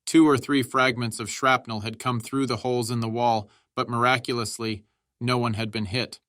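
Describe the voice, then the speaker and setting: A man narrating an audiobook in a measured, steady reading style. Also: mid-range voice.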